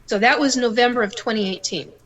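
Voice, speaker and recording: A middle-aged woman, a psychic guest, telling her stories in a casual and animated way and acting out the voices in them. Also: fairly high pitch, fast, poor audio. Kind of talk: casual storytelling interview.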